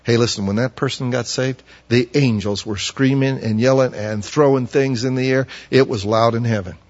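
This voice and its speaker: A man's voice: medium pitch, steady tone, moderate pace. Man preaching in a reverberant hall. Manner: acts out quoted prophets in loud, pleading bursts. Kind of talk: sermon. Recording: muffled audio with long hall reverb.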